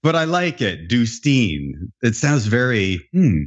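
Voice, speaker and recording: A man's voice: mid-range voice, very animated, a little slow. A man hosting a podcast interview, chatty and joking, telling loose stories with restarts. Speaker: podcast host. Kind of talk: casual interview chat. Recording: dull lo-fi podcast sound.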